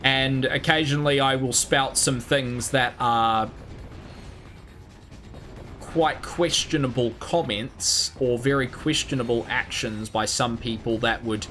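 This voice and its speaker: A man's voice: medium pitch, fairly even intonation, slow pace, pushed and bright, soft background music. Swearing, rambling male game streamer. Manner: swears freely, mutters and hums while playing; rambling, self-mocking. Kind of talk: live gameplay commentary, reading chat.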